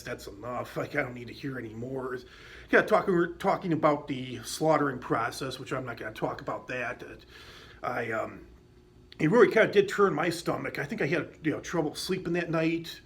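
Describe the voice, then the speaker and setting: A man's voice: medium pitch, vocal fry. A man telling a personal story in a casual, rambling way, with many fillers and restarts and some blunt swearing. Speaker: vlogger.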